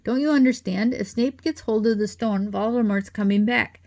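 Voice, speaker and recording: Young boy hero, urgent and defiant, raised gravelly voice, read by a woman. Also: medium pitch, moderate pace, voice pushed up, close to an everyday voice. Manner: urgent, forceful. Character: determined young schoolboy hero.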